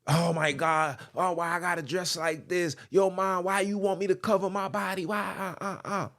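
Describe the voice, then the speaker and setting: A man's voice: high voice, steady tone, normal speed, a bit bright, pitched above the performer's own voice. A man putting on the voice of a whiny young woman complaining to her mother about her clothes. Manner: whiny, exasperated.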